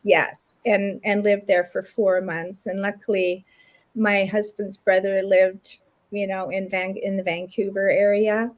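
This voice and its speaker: A middle-aged woman from Canada tells her own story to an interviewer in relaxed, everyday speech. She brings other people in to life by quoting them, jumping up into livelier voices for them. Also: medium pitch, measured pace. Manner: animated retelling with lots of acted quotes. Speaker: interview guest. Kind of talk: casual storytelling.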